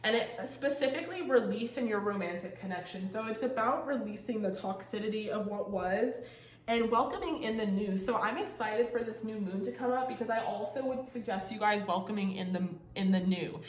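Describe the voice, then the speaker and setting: A woman's voice: medium pitch, brisk. Gushing young woman reading tarot, roomy. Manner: gushing, emotional, swears casually, many fillers. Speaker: tarot reader. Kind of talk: casual tarot reading to camera. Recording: roomy echo.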